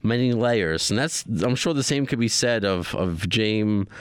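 Lively low-voiced man hosting a podcast. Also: measured pace, smooth, no echo, studio quality. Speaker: podcast host. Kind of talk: casual chat.

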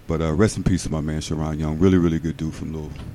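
A man with a very deep, mellow voice paying a halting tribute with many fillers. His tone is dark and relaxed. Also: slight background noise. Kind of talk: spoken tribute.

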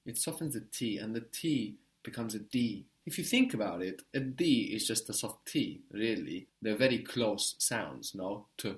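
A man's voice: fairly low pitch, expressive, moderate pace, few pauses. A man teaching a spoken language lesson, patiently explaining step by step and prompting his learner.

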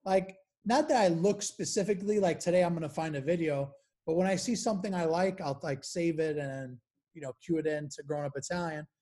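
A woman's voice: lowish voice, fairly quick, warm tone. A woman hosting a podcast, asking questions casually with hesitations and filler words. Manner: casual, hesitant, uses like and you know. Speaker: podcast host.

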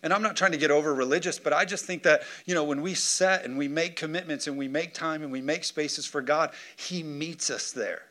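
A man pastor preaching a sermon in a church, lively and joking, calling on the congregation for amens. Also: on the high side, brisk, hardly any pauses. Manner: lively preaching with jokes and call-and-response. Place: church sanctuary.

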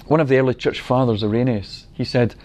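A man's voice: mid-range voice, a little mellow. Earnest middle-aged man preaching. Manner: earnest, unhurried storytelling with acted-out quotes. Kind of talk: sermon.

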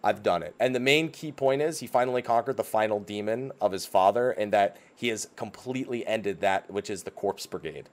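A man's voice: lowish voice, a little fast, few pauses. A man in casual podcast chat, animatedly retelling a game's story and swearing freely. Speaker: podcast co-host. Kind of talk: casual chat recapping a video game story.

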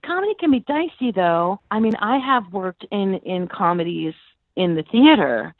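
A middle-aged actress being interviewed, telling stories conversationally and acting out quoted dialogue with lively jumps in pitch. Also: female voice, moderate pace, no echo. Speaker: actress guest. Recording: tinny phone-like line.

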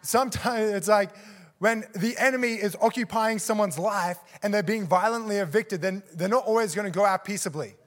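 A man with a high voice preaches to a church congregation. He tells a story with lots of energy, acting out the people in it with gasps and laughter. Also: fairly quick. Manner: animated, acts out quotes with gasps and laughs. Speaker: guest preacher. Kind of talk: sermon storytelling. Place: church service.

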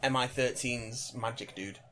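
A man co-hosting a casual podcast chat about film casting, playful and quick with jokes. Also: mid-range voice, steady tone, pushed and bright, a little hiss or hum. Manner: playful, riffs in put-on voices. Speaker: podcast co-host.

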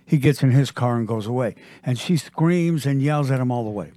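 A man's voice: mid-range voice, a little fast, no room sound. A man co-hosting a radio talk show, telling an anecdote and acting out the quotes. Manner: animated storyteller acting out quotes.

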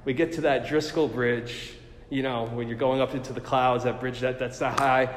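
A middle-aged man recounts a personal story in a chatty, self-deprecating way, stumbling through fillers. His voice sits at an ordinary pitch. It rings out in a roomy space with a long reverb tail. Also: level tone, normal speed. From New Jersey.

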